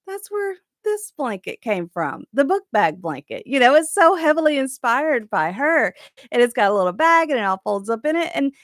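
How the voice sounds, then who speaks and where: A woman's voice: medium pitch, dry recording, clean studio sound. A woman hosting a live crochet chat from her craft room at home, chatty, rambling and encouraging.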